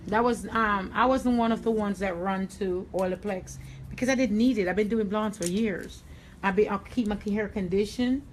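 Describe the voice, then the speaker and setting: A woman's voice: mid-range voice, moderate pace, a little hiss or hum. A middle-aged woman hairstylist with a New York accent teaching on a live stream, blunt, confident and streetwise. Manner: blunt, confident, streetwise, with Southern-tinged slang. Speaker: hairstylist and salon owner. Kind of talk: livestream haircut tutorial.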